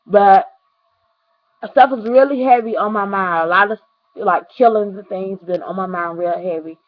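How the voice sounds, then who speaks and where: A woman's voice: medium pitch, dull audio. A young woman talking to her camera at home in a casual, earnest vlog, near tears, calling her viewers "y'all". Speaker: vlogger.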